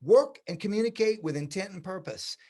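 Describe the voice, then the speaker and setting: Talking fairly quickly in a high voice, this man in his sixties, a hairdressing educator, shares stories during a relaxed interview. He is animated, performing the quoted lines with lively energy.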